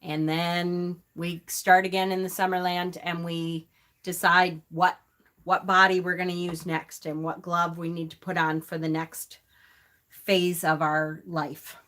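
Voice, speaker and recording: Middle-aged woman hosting a casual live stream; lower-pitched, bright tone, chats warmly with viewers by name. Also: little pitch movement, measured pace. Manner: chatty, answers chat comments by name. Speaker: host of a pagan live stream.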